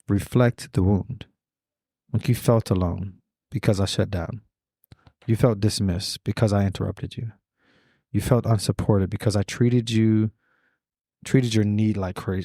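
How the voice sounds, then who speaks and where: A middle-aged man with a fairly low, warm, dark-toned voice delivers a reflective podcast monologue. His cadence is measured and deliberate, with repetitive phrasing and slow emphatic pauses. The sound is dry and close, as if from a studio mic. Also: no room sound. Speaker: podcast host.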